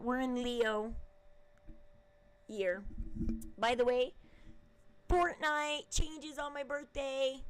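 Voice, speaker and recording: A woman's voice: high voice, slight background noise, low-quality recording. A woman host rambling casually to her viewers in a chatty, emphatic way. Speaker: channel host.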